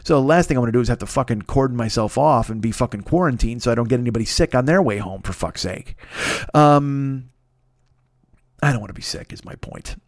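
A man hosting a podcast alone, hoarse and congested with a cold, rambling through a profane story. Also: medium pitch, fairly quick, dry recording, clean studio sound. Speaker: podcast host. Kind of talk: casual solo monologue.

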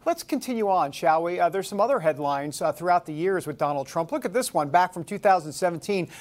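A woman's voice: lowish voice, expressive, fairly quick, few pauses, darkish tone. A woman hosting a talk radio show, reading headlines aloud with mocking sarcasm.

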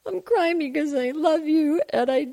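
A woman's voice: medium pitch, very animated, normal speed. A woman voicing a flustered, melodramatic female doctor in a comedy sketch podcast, stammering and over the top. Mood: weepy. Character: flustered self-important woman doctor, dramatic. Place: home apartment.

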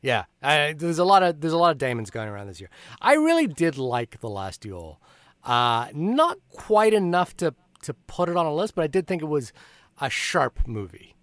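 Wry podcast co-host, dry close mic. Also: male voice, a little high, sing-song, moderate pace, a bit bright, dry recording. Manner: wry, jokey, thoughtful. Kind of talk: casual film podcast chat.

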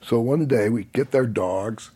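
An older man with a husky, slightly breathy voice tells a long personal story in relaxed conversation. His pitch sits in a middle register, and he livens up as he acts out the lines of each person, laughing as he goes. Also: unhurried. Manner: animated, laughs while telling, acts out quotes. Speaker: guest telling a personal story. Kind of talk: casual storytelling.

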